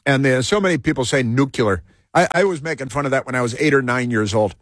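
Dry, halting male talk show host. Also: medium pitch, no room sound. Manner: halting, full of fillers and restarts. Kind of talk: rambling political talk monologue.

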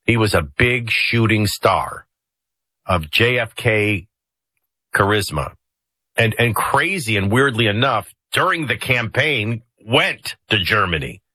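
Deep, bright-toned male talk radio host. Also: animated, slow, dry recording. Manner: jokey and conversational, with frequent restarts. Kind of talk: political talk radio commentary.

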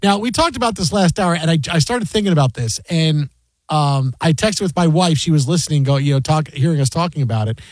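Man, sports talk host, animated storyteller, high pitch, dry close sound. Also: a little fast, no room sound. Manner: animated storytelling, acts out quoted voices.

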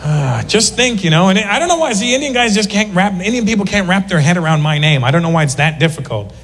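A man doing a stand-up routine, animated, slipping into voices of the people he mimics, recorded live in a club. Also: high-pitched, quick pace, long reverb tail. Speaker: stand-up comedian. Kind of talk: stand-up routine before a laughing crowd.

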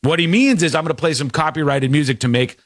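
A man's voice: fairly high pitch, quick pace, no echo. A man hosting a talk radio show, chatting casually and laughing as he mimics people in mocking quotes. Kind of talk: casual on-air commentary.

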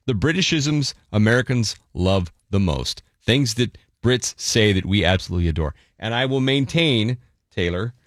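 A man hosting a morning radio show, chatting playfully with quick asides. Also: on the low side, animated, no room sound, studio quality. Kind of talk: casual radio chat. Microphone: studio microphone.

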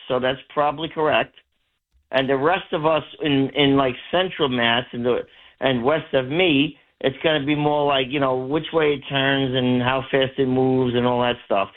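A man's voice: mid-range voice, fairly even intonation, normal speed. A man from Brooklyn with a New York accent, calling in to a radio show and rambling through stories in a chatty way. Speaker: caller. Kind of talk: casual call-in chat. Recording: tinny phone line.

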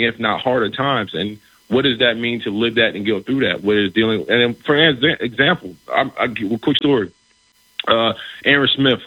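A middle-aged man, a former pro football player, telling a story in a casual conversation, animated, often restarting his phrases and asking "right?". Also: medium pitch, husky, no echo. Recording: dull, slightly lo-fi recording.

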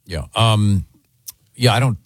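A man's voice: lowish voice, takes it slowly, breathy edge, no room sound. A man hosting a show in casual studio banter, jokey and self-mocking. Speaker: radio show host.

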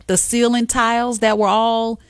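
A woman hosting an afternoon radio show, telling stories in an animated, emphatic way. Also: fairly high pitch, normal speed, no room sound, studio quality. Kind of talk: casual radio chat.

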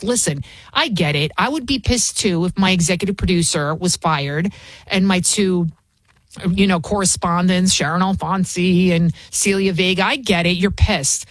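Filling in as a talk radio host, a woman delivers an opinionated monologue, blunt and scornful, rambling with frequent restarts. Her voice is lowish and her pace moderate, with no echo.

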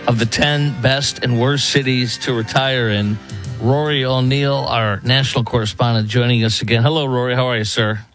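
A man's voice: mid-range voice, fairly even intonation, normal speed, a bit bright, soft background music. A man filling in as host of a radio morning show, chatting casually and reacting with amused surprise. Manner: amused, chuckling, exclaims at surprises.

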